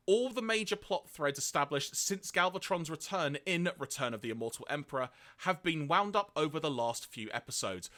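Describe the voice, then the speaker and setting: A man's voice: fairly high pitch, pushed and bright. A man co-hosting a casual podcast, reading out notes on an episode and laughing often. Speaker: podcast co-host.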